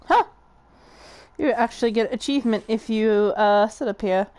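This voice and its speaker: A woman's voice: on the high side, moderate pace, a little mellow. A young woman streaming a game, chatting casually, giggling and swearing freely. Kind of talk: casual live-stream chat.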